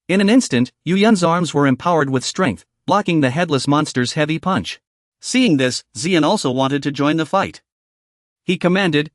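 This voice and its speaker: Guy narrating a comic recap, animated, kinda high, dry close mic. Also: normal speed, no room sound.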